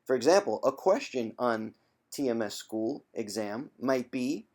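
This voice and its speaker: A man, a former chronic pain sufferer, talking straight to camera in a vlog with an emphatic, teasing tough-love delivery, clearing his throat now and then. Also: medium pitch, animated, unhurried, a little mellow. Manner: conversational, with frequent throat clearing. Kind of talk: direct-to-camera vlog monologue.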